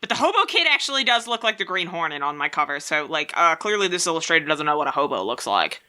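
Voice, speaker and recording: A young woman co-hosting a casual podcast, animated and sarcastic with quick comic asides. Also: sits low. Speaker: podcast co-host. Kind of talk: casual chat.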